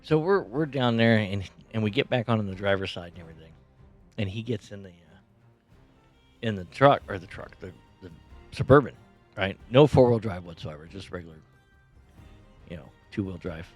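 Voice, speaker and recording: A man's voice: lowish voice, moderate pace, long pauses, faint music behind. A man hosting his own show from his bedroom, telling a rambling story with many restarts. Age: adult, has kids. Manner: rambling, animated retelling with repeated restarts. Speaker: podcast host. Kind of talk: casual storytelling monologue. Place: bedroom at home.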